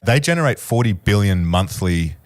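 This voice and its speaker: A man's voice: on the low side, lively intonation, moderate pace, dry recording. A man co-hosting a podcast, chatty and laughing easily as he explains figures. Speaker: podcast co-host presenting the topic. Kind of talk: casual podcast chat.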